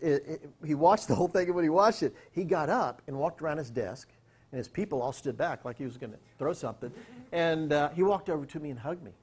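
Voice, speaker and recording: A man speaking to an audience, recounting a story with energy and often slipping into the voices of the people in it. His voice sits a little high for a man. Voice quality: animated, acts out quotes. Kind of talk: storytelling talk.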